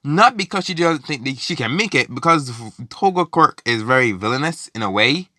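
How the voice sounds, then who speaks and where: A man's voice: a little high, expressive, moderate pace, sharp tone, no room sound, clean studio sound. A man casually retelling a fan story, rambling with many fillers.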